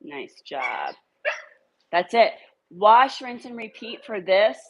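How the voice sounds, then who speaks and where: A woman's voice: mid-range voice, big pitch swings, slow, creaky, lo-fi sound. A woman dog trainer giving a casual walk-through while coaching dogs on a leash, with upbeat coaxing praise. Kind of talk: casual training demo, talking to camera and dogs.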